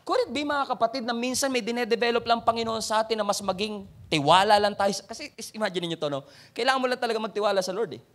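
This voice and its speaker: A man with a Filipino accent delivering a sermon, his voice sitting noticeably high for a man. He speaks in a conversational way, often asking the listeners questions and urging them on. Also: rapid-fire, a bit bright. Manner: conversational preaching with rhetorical questions and exhortations. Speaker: preacher.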